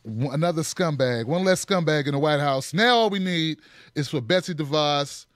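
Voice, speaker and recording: A man's voice: on the high side, animated, moderate pace, no echo. A man hosting a political commentary show, talking in a punchy, sarcastic way with mocking asides.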